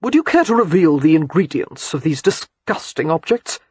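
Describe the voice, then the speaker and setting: A woman's voice: sits low, sing-song, moderate pace, mellow, breathy edge, no echo, exaggerated voice. A woman voicing an exasperated, wry aristocratic father in an audiobook, speaking dryly and sardonically. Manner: dry and sardonic.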